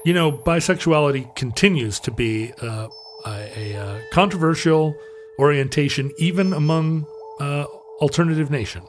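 A man's voice: on the high side, moderate pace, faint music behind. A man chatting casually, adding wry remarks with some hesitation. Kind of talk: casual podcast chat.

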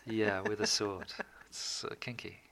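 A man being interviewed, chatting casually and telling animated stories about his work. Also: lowish voice, unhurried, vocal fry. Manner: animated, lively storytelling, puts on voices. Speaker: guest filmmaker.

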